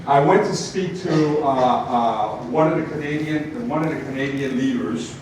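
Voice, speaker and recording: A man giving a motivational talk to an audience, telling stories with animated asides. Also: mid-range voice, normal speed. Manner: storytelling, animated, many asides like "right?". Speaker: motivational speaker. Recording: echoey hall from far off, noisy.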